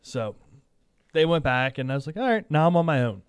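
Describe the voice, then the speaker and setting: A man hosting a podcast, telling a story in a relaxed, laughing casual chat. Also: on the high side, a little fast, clear, resonant tone, no room sound. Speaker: podcast host.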